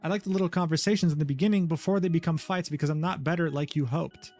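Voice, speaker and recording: A man rattles through a drama recap at a quick clip, reading quoted messages aloud and adding sardonic asides. His voice sits a little high, and faint music plays underneath. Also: steady tone, darkish tone. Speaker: commentary narrator.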